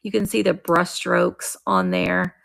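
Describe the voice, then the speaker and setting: A woman's voice: on the low side, sing-song, a little slow, gravelly, a bit bright. Woman, middle-aged, live auction host, chatty, greets viewers by name. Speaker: live online auction seller. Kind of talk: live-stream sales chat.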